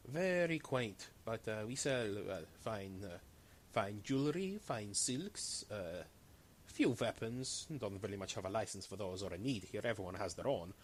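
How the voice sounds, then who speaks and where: A man voicing a fawning, haggling alien trader who speaks in halting, broken English. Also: fairly low pitch, lively intonation, slight background noise, pitched below the performer's own voice, close to an everyday voice. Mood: eager salesman.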